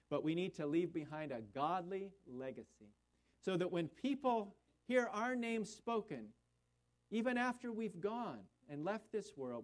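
A high-pitched male voice delivers an earnest sermon. He quotes scripture and speaks directly to the congregation before leading them in prayer. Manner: earnest preaching, quoting scripture, ending in prayer. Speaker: pastor.

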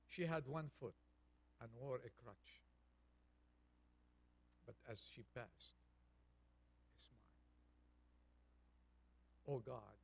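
A man preaches a Thanksgiving sermon in a slightly raised, gravelly voice, taking his time with every phrase. He reads a poem gently and near-hushed, then lifts into an urgent, stirring call. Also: on the high side. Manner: reads a poem aloud softly, then preaches with rising intensity.

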